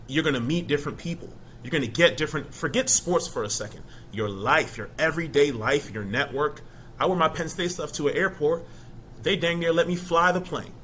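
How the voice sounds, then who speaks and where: A middle-aged man, a former college football player, talking casually in an interview as an animated storyteller who keeps asking "you know?". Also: fairly high pitch, slight background noise.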